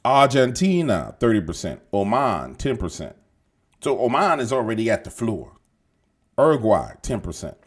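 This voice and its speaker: A man holds forth in a slangy, profane monologue, talking straight at his audience. His voice is husky, and his pitch leaps up and down as he argues. He sounds like he is speaking into a desk mic. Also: moderate pace. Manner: animated, profane, streetwise slang, talks straight to viewers. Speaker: political commentary podcast host. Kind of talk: casual opinionated monologue.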